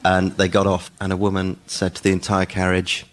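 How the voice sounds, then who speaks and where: A man's voice: low-pitched, completely flat delivery, a little fast. Dry, exasperated male comedian. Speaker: comedian panelist. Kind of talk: comic anecdote. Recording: studio with audience noise.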